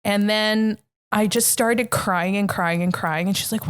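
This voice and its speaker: A woman talks candidly as a podcast guest, earnest and reflective, often restarting her sentences. Her voice sits at an ordinary middle pitch, and she unfolds personal memories in a steady, conversational flow. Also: measured pace, clear, resonant tone. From Canada.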